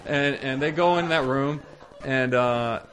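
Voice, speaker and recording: A young adult man telling a personal story to viewers in a casual, animated way, stumbling over restarts and acting out what he said. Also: mid-range voice, measured pace, a little hiss or hum, low-quality recording. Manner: animated, acts out his own quoted lines loudly, frequent restarts and laughs. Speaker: storyteller recalling caring for children.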